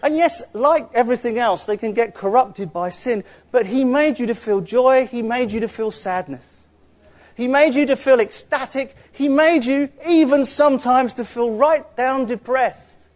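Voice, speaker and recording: A man's voice: extremely high pitch, normal speed. A man preaching a sermon in an earnest, conversational way, with asides to the congregation.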